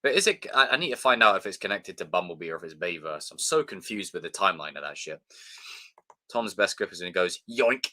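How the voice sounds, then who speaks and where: Young guy signing off his live stream, bright punchy voice, swears a lot, shouting out viewers. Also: deep voice, expressive, fast. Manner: loose, swearing, chatty, thanks viewers by name. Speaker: livestream host. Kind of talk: casual live stream sign-off chat.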